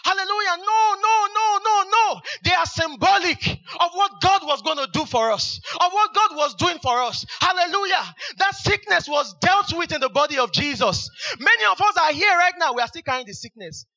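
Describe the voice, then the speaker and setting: A high, very bright male preacher, exclaiming hallelujah over and over between verses. His voice is sharp and piercing, and the recording is dull and lo-fi. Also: lively intonation, moderate pace, few pauses. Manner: exclamatory, repeats hallelujah, fervent. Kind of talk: sermon.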